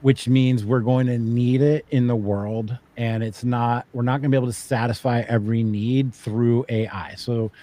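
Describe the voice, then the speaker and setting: A man talking as a podcast guest in a casual, animated way, thinking out loud with many fillers and restarts. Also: mid-range voice, moderate pace, hardly any pauses. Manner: acts out quoted voices for emphasis. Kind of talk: casual conversational chat.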